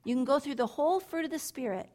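This is a women's ministry speaker, a middle-aged woman teaching the Bible to women in a preaching style. Her voice sits high and moves fast, full of emphasis, repeated lines, and quiet asides.

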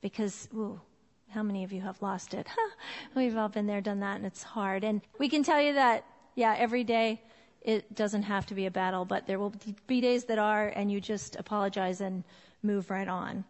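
A woman's voice: mid-range voice, steady tone, moderate pace. A woman in her forties giving a church talk on parenting, chatty and full of fillers. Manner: warm, chatty, laughs often, many fillers. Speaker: women's ministry speaker. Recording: long hall reverb.

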